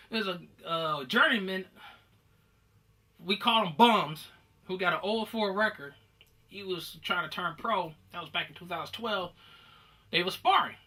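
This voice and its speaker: A man's voice: high voice, far from the mic. Rambling, profane man telling a story. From Detroit, USA. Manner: rambling, profane, acts out quoted shouting. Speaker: comedian telling gym stories.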